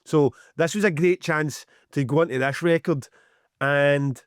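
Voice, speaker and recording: A man's voice: a little high, unhurried, clean tone, dry recording, clean studio sound. Sweary Scottish man, teasing banter. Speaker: podcast co-host. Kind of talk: casual chat.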